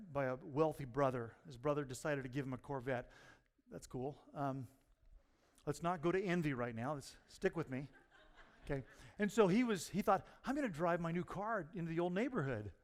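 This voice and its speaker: Male pastor, sermon delivery, storyteller with loud punchlines, reverberant sanctuary. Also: on the high side, moderate pace. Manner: storytelling, rising to near-shouts at punchlines. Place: church sanctuary.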